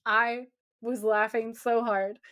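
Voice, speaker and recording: Animated woman podcast co-host. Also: a little high, takes it slowly. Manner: animated, swears, acts out quotes. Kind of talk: casual recap chat.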